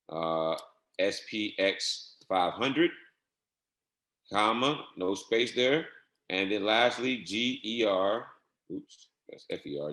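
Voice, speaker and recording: A man with a fairly low, bright and forceful voice talks through a software setup step by step. He repeats each instruction in a casual, instructive tone. The sound has a noticeable echo from the room. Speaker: trading instructor. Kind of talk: screen-share software tutorial.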